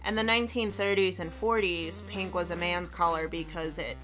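Bright-voiced woman chatting over gameplay. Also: on the low side, steady tone, normal speed, soft background music, poor audio. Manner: chatty, laughs often. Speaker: co-host. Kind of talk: casual gameplay chat.

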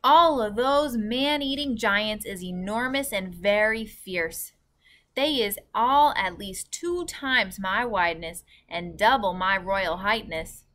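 A big, friendly old giant, as a woman reading aloud puts him on, who tumbles his words and grammar in a cheerful muddle. His voice sits bright and a touch louder than her own narration, earnest rather than frightening, in a storybook read-aloud. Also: mid-range voice, animated, slow pace. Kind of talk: children's book read-aloud.

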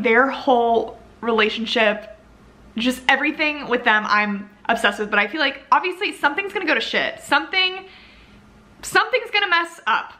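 A woman with a bright, fairly high voice rambles to her camera in a casual book vlog. She gushes and gets carried away, dropping the occasional curse word as she chats. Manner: rambling, gushing, excitable; swears casually. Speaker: book vlogger. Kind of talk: casual reading vlog chat.

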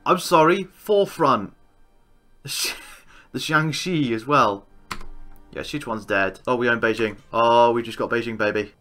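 A man commentating a strategy game he is playing, excitable and swearing, with outbursts of disbelief. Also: mid-range voice, unhurried, soft background music. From England. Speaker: gaming YouTuber. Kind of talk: Let's Play commentary.

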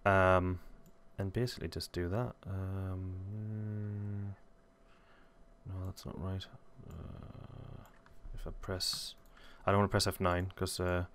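Deep, flat-voiced man thinking aloud. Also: slight background noise. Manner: rambling, self-correcting, thinking aloud. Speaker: software tutorial host. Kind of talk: casual screen-recorded tutorial.

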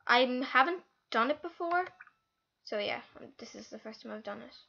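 A female host giving live gameplay commentary, excitable and easily frustrated, with lots of exclamations. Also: on the high side, moderate pace, creaky, muffled recording. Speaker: gaming channel host.

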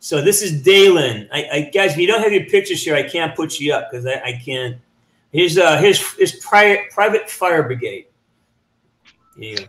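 A man hosts a video call show from a roomy, echoey space. His voice sits a bit high, and he keeps things moving with friendly, brisk moderating. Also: animated, a bit bright. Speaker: host. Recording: roomy echoey room sound.

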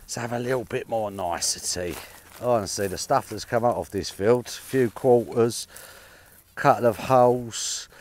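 A man's voice: mid-range voice, darkish tone, slight background noise. A man filming his own metal detecting outdoors in a field, chatting upbeat and casually to his viewers. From England. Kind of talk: casual outdoor vlog commentary. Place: open farm field outdoors.

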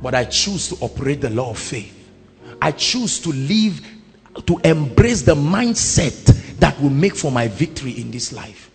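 A Nigerian man preaching a sermon, swinging from loud shouted declarations to low quiet asides. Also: sing-song, a little slow. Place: large church hall. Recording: echoing hall with faint music.

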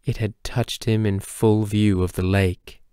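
A man reading a novel aloud as an audiobook narrator, in a measured way that slows for tense moments. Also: lowish voice, fairly even intonation, dark tone, clean tone, no room sound, clean studio sound. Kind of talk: scripted narration.

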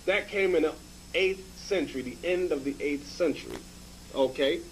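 A man's voice: fairly high pitch, moderate pace, a little hiss or hum, rough recording. A man giving informal Bible teaching, emphatic and repetitive, often checking with "okay?". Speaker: religious teacher.

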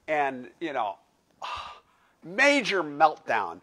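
An older male pastor preaching a sermon in a slightly higher-than-usual voice. He talks conversationally, telling stories with asides and acting out the voices of the people in them. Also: slow pace. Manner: animated storytelling, acting out quoted voices.

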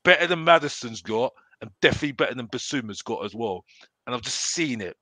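A man's voice: medium pitch, expressive, fast, sharp tone, dry recording. A man chatting casually as a fan panelist, rambling with many restarts and repeated phrases.

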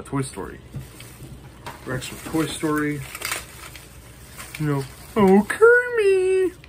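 Chatting to the camera in a show-and-tell vlog, this man presents his collection at a medium pitch, drifting along and plugging gaps with ums and you-knows. Slight hiss or hum is audible.

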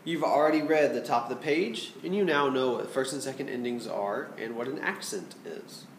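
A man's voice: medium pitch, normal speed, echoey room, a little hiss or hum. A man teaching a flute lesson, explaining patiently and checking in with his students. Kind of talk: music lesson instruction.

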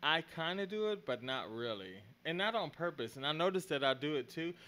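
A man's voice: on the high side, lively intonation, brisk, pushed and bright. A man co-hosting a podcast, talking in an easygoing, rambling way with frequent restarts. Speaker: podcast co-host. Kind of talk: casual chat.

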